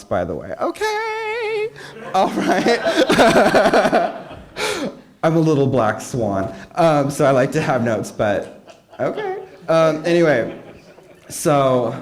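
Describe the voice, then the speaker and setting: A young man with a fairly low voice shares his story at a meeting. He talks candidly and mocks himself, with plenty of fillers and asides. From California. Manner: candid, self-mocking, conversational with frequent fillers. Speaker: meeting speaker. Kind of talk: personal recovery talk. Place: meeting hall.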